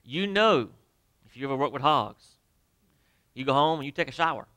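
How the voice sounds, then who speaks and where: Bright, clear-voiced preaching pastor. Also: male voice, mid-range voice, animated, no room sound. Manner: emphatic preaching, pauses and drops to near quiet; addresses the congregation directly with questions. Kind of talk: sermon. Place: church sanctuary.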